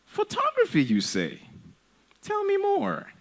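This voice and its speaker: A man voicing a mock-astonished father in an exaggerated squeaky falsetto. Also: huge pitch swings, slow, exaggerated voice. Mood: mock amazement.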